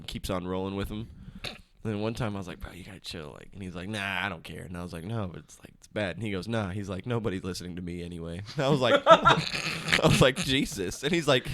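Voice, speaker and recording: Young male co-host, animated storyteller, bright lively delivery, casual and profane. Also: low-pitched, brisk. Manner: animated storytelling, swears freely. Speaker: podcast co-host. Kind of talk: casual chat.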